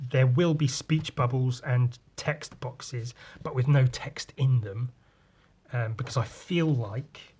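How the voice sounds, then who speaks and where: In a mid-range, darkish, slightly rough voice, this comic artist hosts a podcast where he talks loosely about drawing and curses without restraint. It's a casual chat.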